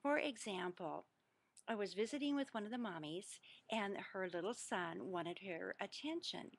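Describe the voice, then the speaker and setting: A woman's voice: mid-range voice, lively intonation, normal speed, gravelly. Earnest woman giving parenting advice. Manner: earnest, instructive, emphatic. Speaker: parenting coach. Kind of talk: direct-to-camera advice talk.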